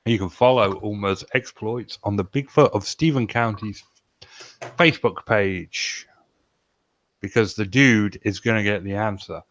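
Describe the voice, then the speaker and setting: A man's voice: on the low side, measured pace, a bit bright, dry recording. A man hosting a podcast, reading news aloud and adding wry, sweary asides. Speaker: podcast host.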